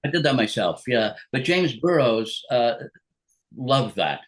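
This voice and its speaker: A man's voice: mid-range voice, very animated, unhurried. An older man, a guest actor on a rewatch show, reminiscing in casual chat and laughing often.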